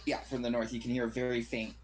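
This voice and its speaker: A relaxed man acting as game master, describing rooms and sounds in a loose, rambling way. He often stops to correct his own wording. His voice sits at a middle pitch. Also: rough recording. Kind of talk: running a tabletop game.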